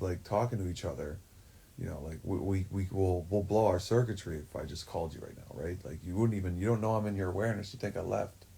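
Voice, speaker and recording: A man's voice: low voice, mellow, slightly rough. A man talking in a rambling, profane way, full of fillers, in a livestream monologue. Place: forest shack.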